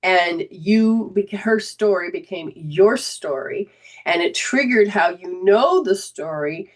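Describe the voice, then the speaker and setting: A woman's voice: lowish voice, expressive, takes it slowly. Earnest woman host telling a story. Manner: earnest storytelling, quotes others, frequent restarts. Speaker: host, energy healer. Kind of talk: casual teaching talk.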